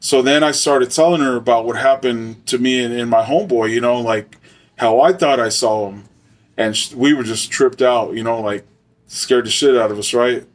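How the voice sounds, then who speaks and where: Brief: Arizona man, casual profane storyteller, mid-pitched, mic a little distant. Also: moderate pace. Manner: loose, slangy and profane, with frequent fillers. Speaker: storyteller, former soldier.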